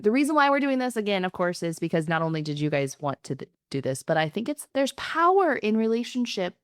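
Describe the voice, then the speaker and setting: A middle-aged woman hosting a podcast in a casual, animated chat, often laughing and joking at herself. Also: on the low side, no room sound, clean studio sound. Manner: laughing, animated, self-mocking. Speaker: podcast host.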